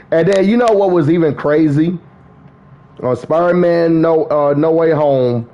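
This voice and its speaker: A man chatting casually on a gaming livestream, excitable and profane, laughing often as he talks. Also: on the high side, muffled recording. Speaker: gaming streamer.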